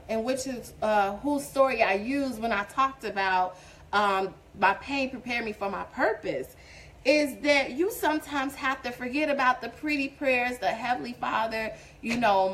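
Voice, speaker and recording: A woman gives an informal devotional talk to her online viewers, her voice a touch higher than most. She speaks earnestly and rises into emphatic exhortation as she preaches. It sounds like a webcam or phone livestream. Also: fairly bright tone, rough recording. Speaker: host of a faith-based singles show.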